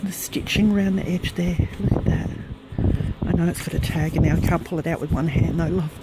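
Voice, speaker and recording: A woman crafter filming a gift unboxing at home on a handheld camera, tearful and trembling, gushing softly with many breathy sighs. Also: lowish voice, steady tone, fairly quick, heavy background noise. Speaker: craft vlogger. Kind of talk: emotional gift-unboxing vlog. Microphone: handheld camera, shaking.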